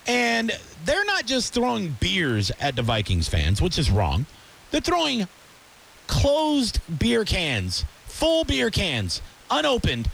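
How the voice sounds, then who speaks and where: Male sports radio host, high, lively voice, heated ranting delivery. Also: slow pace, creaky, slight background noise. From Tampa area. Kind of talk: sports talk rant.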